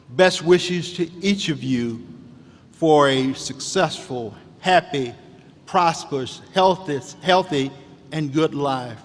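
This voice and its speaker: Rousing man in a big hall. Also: a little high. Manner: rousing, preacher-like cadence with repeated calls. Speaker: commencement speaker. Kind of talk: inspirational commencement speech. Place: large hall. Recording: long hall reverb.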